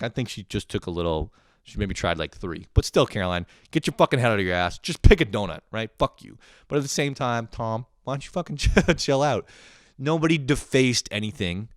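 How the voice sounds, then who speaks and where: A man's voice: fairly low pitch, no echo, studio quality. A young man hosting a podcast, telling a profane comedic story and acting out family members in shifting voices. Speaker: podcast host.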